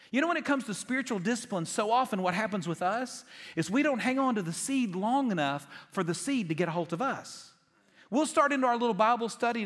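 A man with a high, bright-toned voice preaches in a joking, chatty storytelling way. His voice rings with the long reverb of a large church hall, and he keeps things light and self-mocking. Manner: jokey, conversational storytelling. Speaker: pastor. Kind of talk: humorous sermon. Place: church auditorium.

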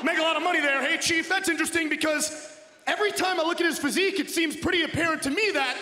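A man's voice: very high-pitched, quick pace. A man from Long Island, New York, cutting a boastful, mocking wrestling promo into a handheld mic in a large indoor arena. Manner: boastful, mocking trash talk. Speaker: pro wrestler. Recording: echoey arena hall with loud crowd.

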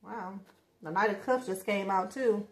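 A woman's voice: medium pitch, a little slow, background noise. A woman giving a casual tarot reading who talks bluntly and swears a lot, speaking straight to her viewers in slang. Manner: slangy, emphatic, bursts of laughter. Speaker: tarot reader.

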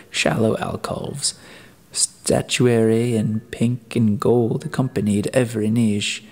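A man narrating an audiobook in a deliberate way, now and then restarting a phrase. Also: lowish voice, creaky, a little mellow, breathy edge. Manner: deliberate reading with occasional restarts. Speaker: audiobook reader.

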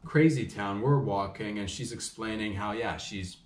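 A man's voice: on the low side, normal speed, a little hiss or hum. A man with a Canadian accent, hosting a comedy podcast, tells a rambling dating story full of slang, restarts and asides to his listeners. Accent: Canadian English. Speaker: podcast host. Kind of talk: casual comedic storytelling monologue. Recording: echoey room.

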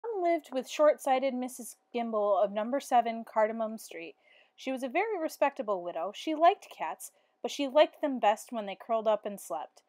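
A woman's voice: a little high, animated, moderate pace, darkish tone, no echo, studio quality. Woman reading a storybook aloud. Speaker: teacher. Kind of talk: reading a picture book aloud.

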